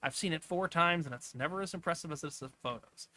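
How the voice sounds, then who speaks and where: Speaking fast in a fairly high, sharp-toned voice, a man rambles through travel listings on a screen share. His commentary is casual and unscripted, full of asides.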